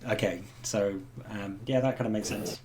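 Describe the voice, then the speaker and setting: A man's voice: fairly low pitch, steady tone, moderate pace. A man running a tabletop game as game master, hesitant and full of ums. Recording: noisy home recording.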